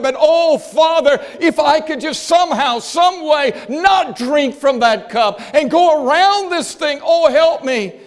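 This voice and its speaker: Man acting as Jesus in anguish, high strained voice pleading loud, long echo of a church hall. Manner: pleading, crying out.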